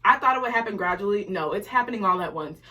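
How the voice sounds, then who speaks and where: A nineteen-year-old woman vlogging casually at home, excited and jittery from coffee, rambling and tripping over her words. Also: medium pitch, highs cut off. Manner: excited, rambling, fast-talking. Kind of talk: casual vlog chat. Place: home while getting ready.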